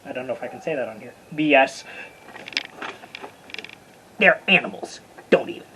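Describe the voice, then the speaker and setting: A Bible study teacher giving a casual, informal lesson, chatty and stumbling over hard names, with a husky voice. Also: mid-range voice, lively intonation, moderate pace, pushed and bright, a little hiss or hum, rough recording.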